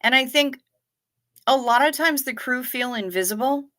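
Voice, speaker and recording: A woman's voice: high voice, moderate pace, a bit bright. A woman hosting a casual livestream chat, swearing freely and talking with her viewers. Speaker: livestream host.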